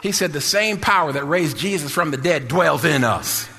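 A male preacher, preaching a sermon in a shouting, sing-song style with bursts of laughter. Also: a little high, expressive, normal speed, creaky, long reverb tail.

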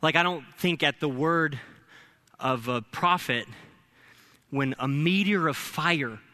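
A young adult man preaching a sermon as pastor, lively and humorous, building at times to shouting. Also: on the high side, slow pace. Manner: energetic preaching with humorous asides.

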